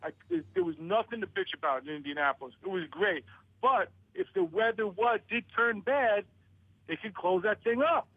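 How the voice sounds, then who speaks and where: A man's voice: high-pitched, very animated, moderate pace, breathy edge, no room sound, narrow, tinny audio. A man on a radio talk show who stammers through restarts and rants about his complaints. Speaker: author guest.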